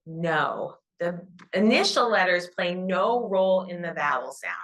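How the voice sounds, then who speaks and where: A woman's voice: fairly low pitch, animated, normal speed, fairly bright tone, poor audio. A middle-aged woman, an educator, giving a conference talk and modeling classroom reading cues in a raised, teacherly voice. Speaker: educator presenting at a summit.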